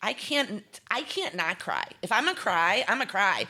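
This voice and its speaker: A woman's voice: mid-range voice, big pitch swings, normal speed, sharp tone. A middle-aged woman speaking as an interview guest, talking in an earnest, emphatic way, laughing often and acting out quoted speech. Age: 40s or 50s. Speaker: guest, holistic chef. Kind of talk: candid interview talk.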